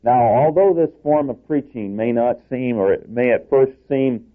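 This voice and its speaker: A male preacher giving an expository sermon in a measured, explanatory way, restarting phrases now and then. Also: mid-range voice. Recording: tinny phone-like sound.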